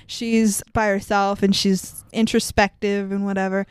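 A woman's voice: mid-range voice, level tone, unhurried, a little mellow, slight background noise. A woman co-hosting a casual podcast, reacting to a film with frequent laughter and casual swearing. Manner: laughs often, swears casually, acts out quotes. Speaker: podcast co-host. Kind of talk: casual movie recap chat.

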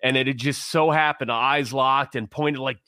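A man's voice: medium pitch, steady tone, moderate pace, bright, forceful tone, no echo, studio quality. A man co-hosting a casual sports talk show, speaking with passion and rambling through many restarts. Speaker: podcast co-host.

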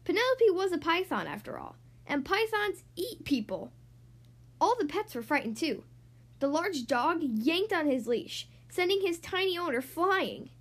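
A woman reads a children's storybook aloud, her high voice swooping through a lively, sing-song melody. She tells the tale with playful, animated emphasis. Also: a little slow.

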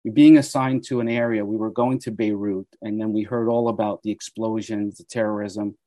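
A man in his sixties from the United States, a guest telling animated stories in an interview. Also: on the low side, brisk, no room sound. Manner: animated storyteller who acts out quoted voices. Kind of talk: storytelling interview.

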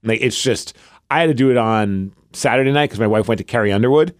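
A man's voice: mid-range voice, fast talker, no room sound, clean studio sound. A man in his thirties co-hosting a podcast, telling rambling, self-deprecating stories in casual chat. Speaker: podcast co-host.

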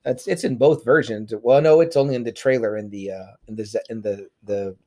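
A man co-hosting a casual podcast chat, animated and profane, acting out quotes with big jumps in his voice. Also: medium pitch, a little fast. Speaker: podcast co-host.

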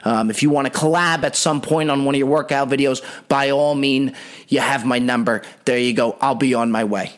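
A man hosting a podcast, telling a funny story in an animated, rambling, wry way. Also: mid-range voice, brisk. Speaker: podcast host. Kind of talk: comedic storytelling monologue.

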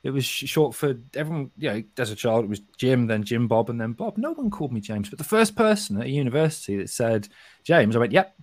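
A middle-aged man from England with a softened West Midlands accent, talking frankly and swearing often as a podcast co-host. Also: mid-range voice, animated, fast, dry recording. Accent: softened West Midlands English. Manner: frank and sweary, with frequent restarts. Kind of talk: casual podcast chat.

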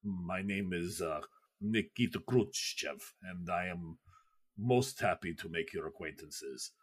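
A man voicing a burly male Soviet official with a heavy put-on Russian accent and slow, formal broken phrasing. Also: deep voice, slightly rough, pitched below the performer's own voice, heavily acted. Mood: gruff.

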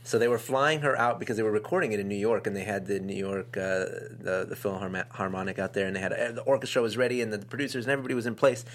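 A man co-hosting a casual chat, telling stories in an animated, jokey way. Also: lowish voice, very fast, hardly any pauses. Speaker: podcast co-host.

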